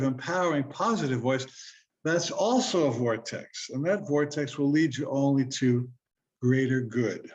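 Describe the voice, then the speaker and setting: A man's voice: a little high, a little mellow, highs cut off. Earnest man giving a motivational talk. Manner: earnest, conversational, rhetorical questions. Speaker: self-help speaker.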